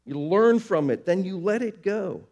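Dynamic preacher man, slightly high voice. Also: expressive, vocal fry. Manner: dynamic preaching, slows for emphasis, swings from soft to loud. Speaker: pastor. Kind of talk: sermon.

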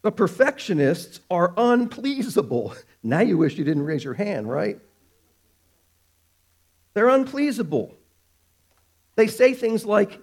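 A man preaching a sermon, animated, stretching out words for emphasis. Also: high-pitched, breathy edge. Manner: animated, drawn-out emphatic phrases.

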